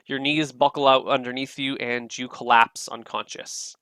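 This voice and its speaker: A man's voice: medium pitch, level tone, moderate pace, pushed and bright, smooth, no room sound. A man narrating a tabletop game as dungeon master, describing scenes with frequent fillers.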